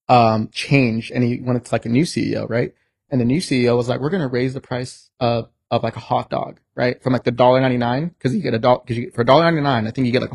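A young American man telling stories in a casual podcast chat, animated and swearing freely. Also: mid-range voice, creaky, no room sound. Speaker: podcast guest.

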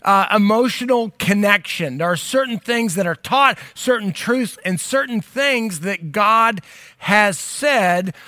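High, bright-voiced older male pastor. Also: expressive, slow, no echo, clean studio sound. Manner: earnest, conversational preaching, addressing viewers directly. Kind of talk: sermon.

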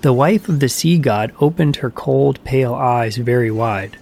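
A man reading a myth aloud as a storyteller, in an even, measured way. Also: mid-range voice, creaky. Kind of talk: scripted narration of a myth.

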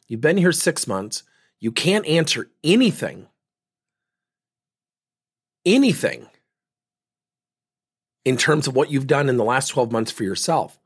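A man's voice: mid-range voice, husky. A man giving a talk, telling a story and acting out both sides of a conversation. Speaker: speaker on leadership and feedback.

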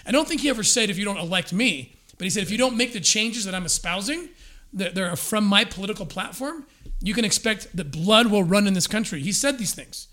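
High-voiced man telling an animated story. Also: fairly quick. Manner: energetic storyteller, acts out quotes with restarts. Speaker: guest discussing scripture and history. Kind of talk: animated conversational explanation.

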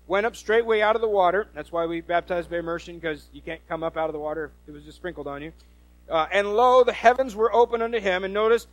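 A man preaching a sermon as a pastor, folksy and animated, with many restarts. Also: high voice, no echo.

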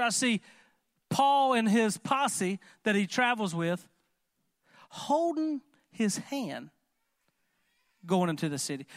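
Guy preaching in church, pretty high voice, loose and talky, keeps asking folks stuff, dry sound. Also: dry recording. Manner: animated, conversational, asks the congregation questions. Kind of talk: sermon.

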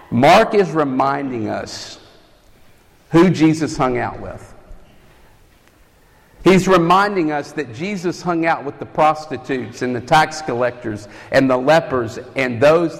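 A campus ministry preacher delivers an earnest sermon, teaching and putting rhetorical questions to his listeners. His voice sits fairly high and carries vocal fry. The long reverb of a hall surrounds him.

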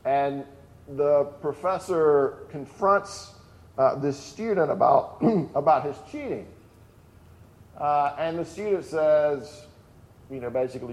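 A pastor giving a conversational sermon, reading lists aloud and breaking off into casual asides. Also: male voice, on the high side, unhurried, pauses often. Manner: reads lists of items aloud with emphasis.

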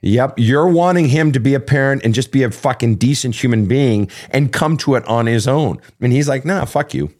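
A man's voice: mid-range voice, normal speed, hardly any pauses, darkish tone. A man hosting an advice talk show as a coach, speaking bluntly and emphatically with heavy swearing. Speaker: podcast host and relationship coach.

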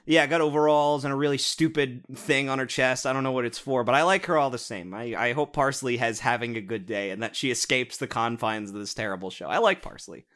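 A young man co-hosts a podcast and rants sarcastically about cartoons, swearing a lot in a casual, comedic way. His mid-range voice is a bit bright, and he talks briskly with few pauses.

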